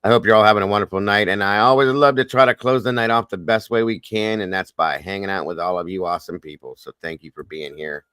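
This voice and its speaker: A man's voice: on the low side, fast talker, few pauses, fairly bright tone, clear, resonant tone, no room sound. A man with a Southern US accent hosting a casual livestream chat, folksy, repetitive and upbeat. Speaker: host.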